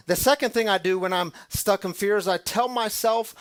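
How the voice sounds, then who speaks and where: Male pastor, fairly high voice, chatty sermon style with sudden quiet moments. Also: a little fast. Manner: dramatic shifts from loud to hushed; conversational, calls the audience y'all.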